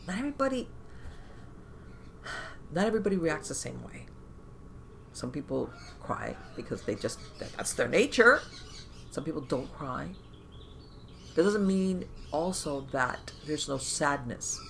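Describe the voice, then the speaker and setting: A woman podcast host giving conversational advice, animated and talking in loose run-on phrases full of fillers, often acting out inner voices. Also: sits low, a little slow, gravelly, pauses often, slight background noise. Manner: animated, acts out inner voices and quoted thoughts.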